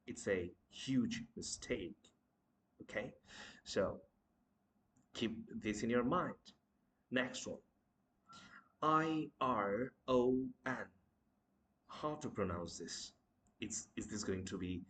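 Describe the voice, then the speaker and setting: Slow, lively-voiced male pronunciation teacher. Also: medium pitch. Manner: slow, repeats words, asks questions. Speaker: language teacher. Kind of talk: pronunciation lesson.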